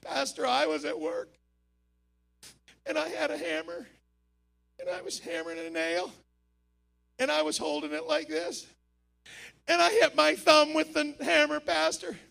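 A man's voice: very high-pitched, big pitch swings, measured pace, creaky, pauses often, sharp tone, voice pushed up, exaggerated voice. A man preacher voicing a distraught young believer who is sobbing and pleading with his pastor.

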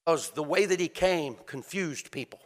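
Man, preacher, high voice, sermon, sing-song cadence, shouts then hushes. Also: animated, moderate pace, long reverb tail. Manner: swings from shouted peaks to hushed quiet delivery.

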